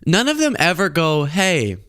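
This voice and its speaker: A man's voice: mid-range voice, moderate pace. A young man hosting comedic political commentary, talking animatedly and acting out little scenes. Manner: animated, acts out scenes with voices. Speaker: host.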